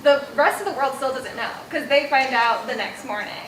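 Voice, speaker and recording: A woman's voice: high voice, lively intonation, a little fast, fairly bright tone, a little hiss or hum. A woman interviewing an author at a library event, asking questions in a friendly, playful way. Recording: roomy room with faint audience.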